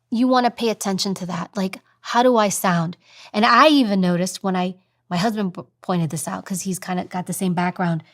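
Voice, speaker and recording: A woman as an interview guest giving conversational advice, emphatic and animated, often repeating a phrase for weight. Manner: animated, acts out examples in a high voice. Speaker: interview guest, former security agent.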